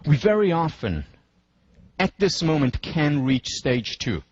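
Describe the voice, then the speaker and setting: A fairly high-pitched man with a husky, somewhat breathy voice and a darkish tone lectures at a university, very animated but deliberate, slowing to underline his points. He takes listeners through scenarios step by step; the sound is dry with no echo, a little dull like a muffled classroom recording.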